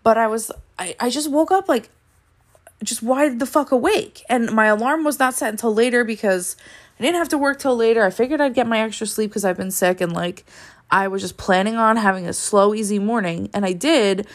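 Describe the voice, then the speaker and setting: A woman's voice: fairly high pitch, a little fast. A young woman hosting a solo podcast, talking candidly and ranting with lots of swearing and filler words. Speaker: podcast host. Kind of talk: casual solo podcast monologue.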